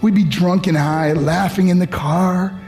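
A middle-aged American man gives a motivational speech, telling a personal story in an earnest, pleading way. His voice sits high, with fairly even intonation and a measured pace, over soft, faint background music.

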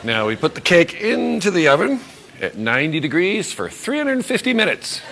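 A man's voice: sits high, big pitch swings, moderate pace, gravelly, background noise, exaggerated voice. A man playing a clueless cooking show host who announces absurd baking instructions with confidence. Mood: confident. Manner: confident, getting the numbers badly wrong.

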